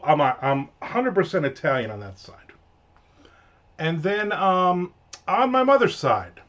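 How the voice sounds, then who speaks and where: A man's voice: on the high side, fairly bright tone, lo-fi sound. Rambling, joking man in his fifties. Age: 50s. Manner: rambling, joking storyteller who mimics his mother. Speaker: author streaming a live writing session. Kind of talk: casual live-stream chat.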